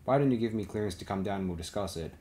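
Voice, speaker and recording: A man reading the part of a cool, shrewd male smuggler chief speaking over a comm, calm and probing with a hard edge. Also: fairly low pitch, racing, close to an everyday voice.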